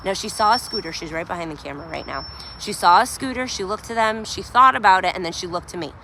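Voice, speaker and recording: A woman dog trainer talking through a live outdoor training session, praising the dog in high excited bursts between her explanations. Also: quick pace. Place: outdoors by a sidewalk. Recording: faint outdoor noise, at times far from the camera.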